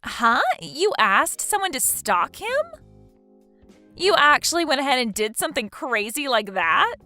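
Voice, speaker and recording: Woman as spiteful husband-stealer; high, bright, lively taunting voice. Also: measured pace, faint music behind, exaggerated voice. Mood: gloating. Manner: taunting, gloating, laughs mockingly. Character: smug scheming woman who stole her friend's husband. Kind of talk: text message story dialogue.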